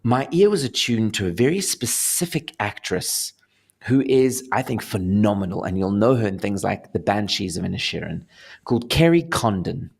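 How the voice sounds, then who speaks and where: A young adult man with a South African accent, an actor talking casually in an interview and telling lively stories. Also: fairly low pitch, normal speed, creaky, breathy edge. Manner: animated storyteller, laughing, acting out voices.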